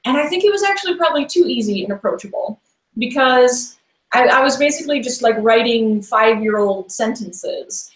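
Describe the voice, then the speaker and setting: Her voice a little high and lively, a woman speaks at a normal speed as a guest on a podcast. The room echoes, and in this casual interview she chatters and wanders, full of "like" and false starts.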